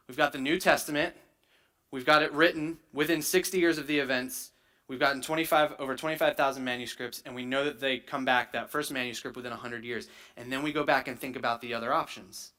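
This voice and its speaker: A man's voice: medium pitch, fairly even intonation, fast talker, sharp tone. A man preaching a sermon, teaching in a conversational way and often checking in with "right?". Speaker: pastor.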